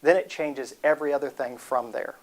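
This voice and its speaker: A man's voice: medium pitch, fairly even intonation, a little fast. A man in his forties giving a humorous motivational talk, rambling and joking and breaking off mid-sentence. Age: 40s.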